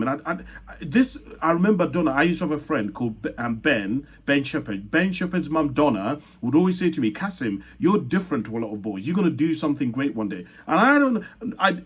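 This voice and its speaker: A young man born in Uganda shares his life story in an earnest, reflective way, often stopping mid-sentence to restart or correct himself. His voice is fairly high-pitched and slightly rough.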